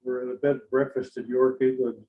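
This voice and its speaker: A man in casual chat, telling anecdotes in an animated way. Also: medium pitch, fast, phone-quality sound. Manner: animated storyteller.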